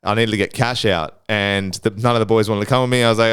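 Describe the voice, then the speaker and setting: Young guy rambling travel stories, swears a lot, smooth clear voice, dry close mic. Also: lowish voice, fairly even intonation, fast talker, fairly bright tone, dry recording. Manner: rambling, profane, laid-back. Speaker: podcast host. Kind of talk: casual storytelling.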